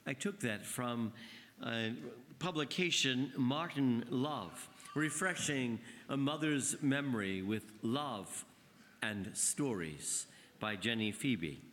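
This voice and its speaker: A man, a priest, giving a sermon at Mass in slow, measured storytelling. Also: mid-range voice, expressive, a bit bright, slight background noise. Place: church. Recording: long reverb in a church.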